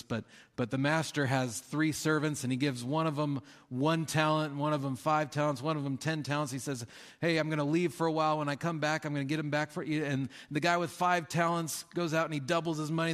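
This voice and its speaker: A man preaching a sermon in a casual, conversational way, often acting out the people in his stories. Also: mid-range voice. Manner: conversational, with fillers and acted-out quotes. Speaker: pastor. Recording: long hall reverb.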